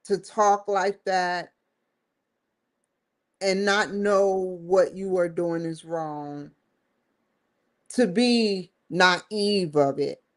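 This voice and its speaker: A woman hosting her own show, giving an emphatic, rambling opinion commentary that circles back and repeats points. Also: mid-range voice. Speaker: show host.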